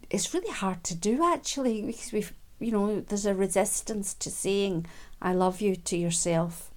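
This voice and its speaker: A woman with a medium-pitched voice gives a gentle, unhurried self-help talk, dotted with frequent ums and quiet laughs.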